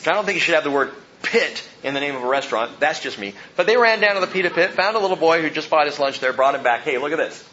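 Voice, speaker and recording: A man preaching a sermon as pastor, animated and joking, acting out the people in the story. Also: on the high side, fast, few pauses, highs cut off, slight background noise.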